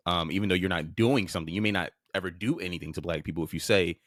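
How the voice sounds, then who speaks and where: In a deep, fairly bright voice, a man speaks fast as he hosts a podcast, bluntly and informally commenting on the clips he plays. Casual swearing and restarted phrases mark his speech, and the studio sound is clean with no echo.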